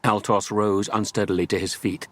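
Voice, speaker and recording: A man reading an audiobook as narrator, telling the story in a measured way. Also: fairly low pitch, flat delivery, fairly bright tone. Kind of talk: scripted narration.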